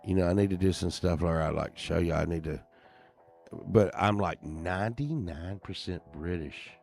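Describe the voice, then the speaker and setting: A man's voice: sits low, moderate pace, vocal fry, darkish tone, faint music behind. A man streaming, telling casual, rambling, profane stories full of fillers and restarts.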